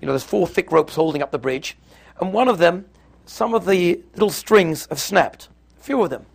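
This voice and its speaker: A man with a somewhat high, gravelly voice teaches a Torah lesson. He talks in a relaxed, conversational way and walks through stories and texts step by step. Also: moderate pace. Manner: conversational storytelling, explains step by step.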